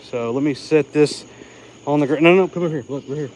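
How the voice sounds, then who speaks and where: A man's voice: fairly high pitch, a little fast, a little mellow. A man livestreaming from outdoors at night, coaxing his pet and chatting casually, a little out of breath. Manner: talks to his pet in coaxing baby talk between chatty asides. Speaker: livestream host caring for animals. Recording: noisy outdoor night recording with crickets.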